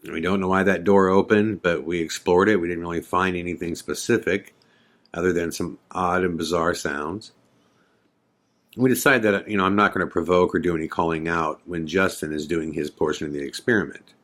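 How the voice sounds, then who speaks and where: Man, very low voice, podcast host, casual storytelling, chatty and filler-heavy. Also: steady tone, normal speed, a bit bright. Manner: conversational, filler-heavy retelling with quoted dialogue.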